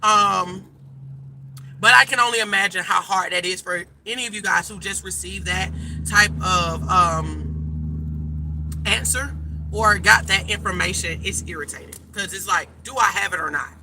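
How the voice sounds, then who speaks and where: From her car, a woman life coach chats casually and emphatically straight to the camera, addressing her viewers as y'all. Her voice is mid-range at a moderate pace, with background noise audible.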